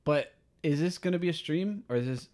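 A man's voice: on the high side, a little mellow. A man co-hosting a casual reaction chat about a movie trailer, full of wry, teasing remarks. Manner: wry, teasing, quick jokes.

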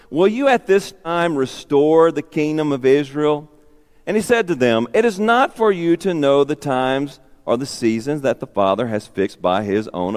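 A man's voice: on the high side, in a large hall. A man preaching a sermon as pastor, emphatic and repeating his key phrases.

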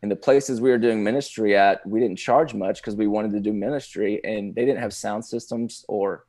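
Gravelly man telling his story. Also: lowish voice, fairly even intonation, a little mellow. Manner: halting storyteller with many restarts, laughing now and then. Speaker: pastor. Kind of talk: personal testimony in casual conversation.

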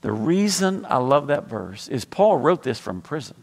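A middle-aged man preaching a sermon as pastor, telling humorous stories with laughter and then dropping low and soft for earnest points. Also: sing-song, normal speed, vocal fry. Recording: long hall reverb.

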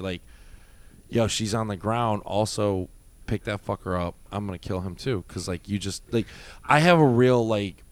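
A man with a lowish voice and moderate pace shares stories from his time working the door at a nightclub on a casual podcast. His delivery is profane and lively, full of swearing and acted-out quotes.

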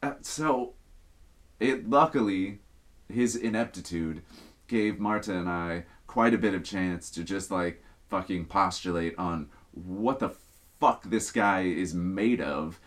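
A man's voice: low-pitched, slow pace. A young man hosting a podcast, casually telling a workplace story with lots of swearing. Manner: profane, animated storytelling. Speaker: podcast host.

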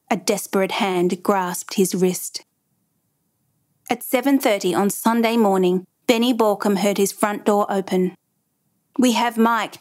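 A woman narrates a true story in a measured, dramatic way. Her voice sits at a middling pitch, and she tells the story with a steady build of suspense.

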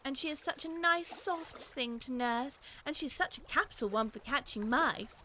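A bright, high young girl who chatters eagerly and keeps apologizing. Her voice has a lively, clear edge and rushes from one thought to the next, as in a storybook reading. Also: heavily acted, poor audio. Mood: chatty.

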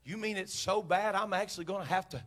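Gasping, fretful storm passenger woman, put on by a male preacher, high bright voice. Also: fast talker. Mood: alarmed. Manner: gasping, breathless.

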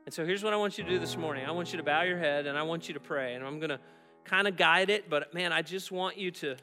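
A man preaching a sermon as pastor, animated as he acts out Bible scenes and dropping soft when leading prayer. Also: fairly high pitch, quick pace, over music.

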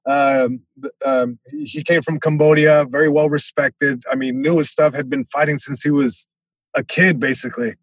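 A male comedian guest telling a story in an animated way, with many restarts and sound effects. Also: fairly high pitch, normal speed, no echo.

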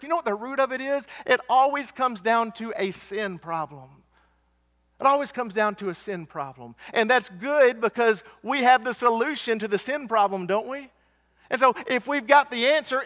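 A man with a high, fairly bright voice preaches an earnest, insistent sermon, asking his listeners questions and repeating key lines for weight. The long reverb of a church hall makes his voice ring out.

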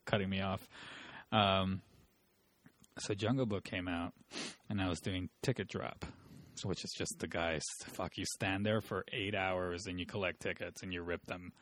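A young man telling casual, profane stories in a relaxed chat, laughing as he talks. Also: sits low, dry recording. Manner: loose, profane, laughs through his stories.

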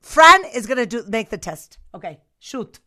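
Bright, chatty woman host. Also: fairly high pitch, sing-song, normal speed. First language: Spanish. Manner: chatty, playful storytelling. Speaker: radio host. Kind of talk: casual bilingual interview.

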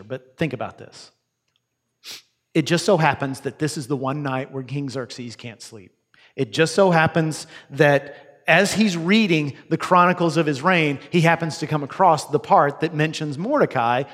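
A man preaches to his congregation, retelling the story with energy and slipping into the voices of its characters. His voice sits a little on the high side for a man. The sound carries the long reverb of a large sanctuary. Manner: animated storyteller who acts out the characters' lines. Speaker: pastor. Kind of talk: sermon.

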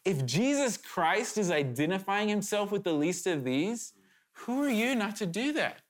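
A man's voice: high voice, very animated, moderate pace. A man preaching a sermon to his congregation, earnest and urgent, talking conversationally with candid asides and sudden emphatic rises.

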